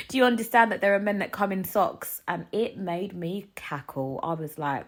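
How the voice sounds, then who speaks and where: A young woman hosts a solo podcast in a loose, chatty rant. Her voice sits slightly low and swings from loud, lively outbursts to quiet muttered asides. She jokes and riffs as she talks. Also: takes it slowly. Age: 20s. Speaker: podcast host.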